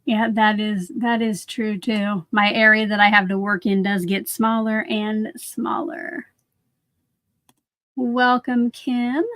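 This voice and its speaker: A woman's voice: fairly high pitch, a bit bright, no room sound. A woman hosting a craft livestream, chatting casually and answering viewer comments while she works, often saying "like".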